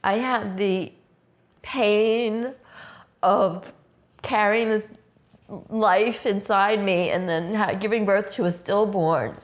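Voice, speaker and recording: A woman's voice: medium pitch, slow, pauses often. Middle-aged woman being interviewed, raw and blunt, curses a lot, emotional storytelling. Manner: raw, blunt, swears often, emotionally intense.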